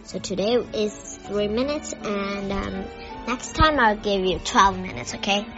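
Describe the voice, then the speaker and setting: Woman reader reading a kids' novel aloud, slow and unhurried, stumbling and restarting, dull lo-fi recording, faint music behind. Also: mid-range voice. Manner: stumbles and restarts words while reading, chatty with listeners. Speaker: storyteller reading to listeners.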